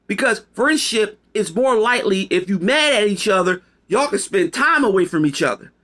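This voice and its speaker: Bright, high-voiced man ranting casually. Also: animated, normal speed. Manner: profane, rambling, emphatic. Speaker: video commentator. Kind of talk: casual opinion monologue.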